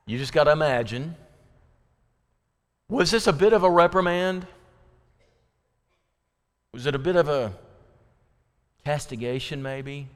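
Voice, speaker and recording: A man's voice: mid-range voice, clear, resonant tone. Man teaching a group in a reverberant hall. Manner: conversational, asks the audience questions, many fillers and restarts. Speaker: Bible study teacher.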